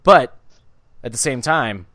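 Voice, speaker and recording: A man's voice: mid-range voice, expressive, slow, a bit bright. A young man co-hosting a casual sports podcast, heated and swearing freely as he talks. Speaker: podcast co-host.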